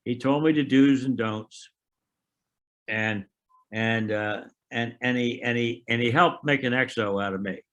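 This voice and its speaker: Older male veteran, halting anecdotal delivery, mid-pitched, reenacts conversations. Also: a bit bright, muffled recording. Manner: halting storyteller, frequent restarts and fillers; acts out remembered dialogue. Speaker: veteran interviewee. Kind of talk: oral history recollection.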